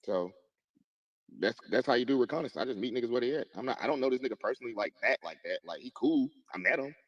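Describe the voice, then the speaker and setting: A man's voice: mid-range voice, animated, fast talker, no room sound, lo-fi sound. A man in an online voice chat, telling a story in a rambling way and defending himself. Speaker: chat participant.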